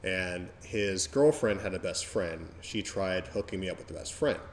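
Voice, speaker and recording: A man in his forties chats on a podcast in a slightly low voice. He tells stories in a mellow, rambling way, full of fillers and restarts. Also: animated, normal speed, a little hiss or hum. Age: 40s. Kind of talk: casual chat, storytelling.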